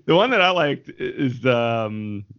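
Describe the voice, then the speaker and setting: A laid-back man hosts a podcast, laughing easily and filling his talk with "like." His voice sits at an ordinary pitch. The sound is dry and dull, with a lo-fi edge. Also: very animated, normal speed, creaky, smooth, no echo. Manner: laid-back, laughs often, says "like" a lot. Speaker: podcast host. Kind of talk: casual chat.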